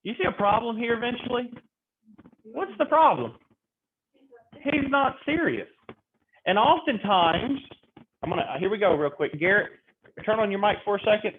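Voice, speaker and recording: A man lecturing a real estate class, acting out clients and agents in quick animated stories. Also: high voice. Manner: animated storytelling, role-playing clients in quotes. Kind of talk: classroom lecture with acted-out examples. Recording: tinny phone-like audio with faint noise.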